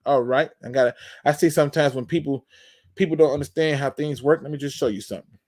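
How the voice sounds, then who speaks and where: A man's voice: on the high side, fast talker, a little mellow. A man hosting a live sports talk show, emphatic and fired-up, breaking down game film and talking straight to his audience. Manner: addresses the audience as "y'all". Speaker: host.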